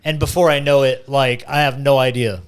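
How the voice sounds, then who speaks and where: A man telling a story as a podcast guest in casual chat, animated and vivid, often slowing down for effect. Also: medium pitch, clean tone.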